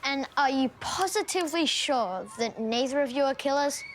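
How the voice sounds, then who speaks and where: A woman's voice: sits high, animated, moderate pace, heavy background noise. A woman voicing a bossy schoolchild who plays detective in a mock-serious, dramatic way. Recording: music playing underneath.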